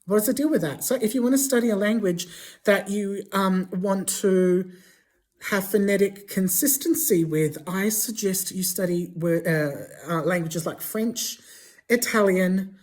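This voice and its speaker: A woman explaining spelling and pronunciation to camera in a halting, casual way, with many fillers and restarts. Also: medium pitch, a little mellow. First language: not English. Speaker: language vlogger.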